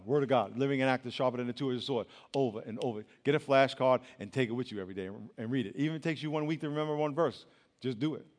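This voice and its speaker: A young man preaching as a youth pastor, animated and colloquial, swinging between loud and hushed. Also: medium pitch. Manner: colloquial, says y'all. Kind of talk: sermon. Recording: long reverb of a large hall.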